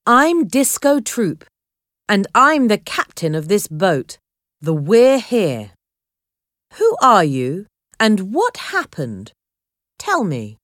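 A stern sea captain, commanding and firm, his slow orders rising and falling with lively emphasis, as a woman reading aloud puts him on. The storybook voice is recorded dry and close. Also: mid-range voice, no echo, heavily acted. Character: tough, stern fishing-boat captain, gruff older man.

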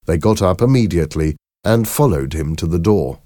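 A deep male voice reads a storybook slowly, with lively rises and falls. The recording is dry and close, with no room sound. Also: no room sound. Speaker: audiobook narrator. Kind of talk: scripted storybook narration.

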